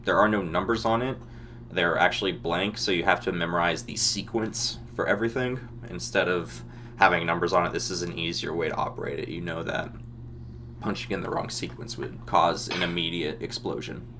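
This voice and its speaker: A man running a tabletop role-playing game as game master, narrating the scene in a relaxed way with frequent ums. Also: low-pitched, brisk, slight background noise. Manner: descriptive, relaxed, many ums.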